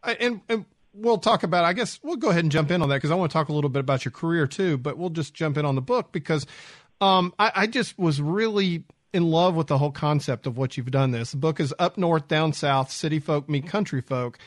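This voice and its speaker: A man hosts an interview in a relaxed, rambling way, peppered with fillers. His voice sits a little high for a man, and the sound is dry and close. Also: fairly quick, no room sound. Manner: chatty, easygoing, many fillers. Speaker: host. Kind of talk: radio interview.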